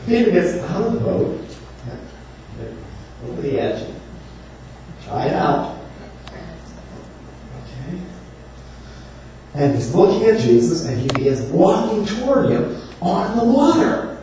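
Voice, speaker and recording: Animated man telling a sermon story. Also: high voice, takes it slowly, long pauses. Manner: animated, humorous, acts out voices with laughs. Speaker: preacher. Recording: echoey room from far off, faint noise.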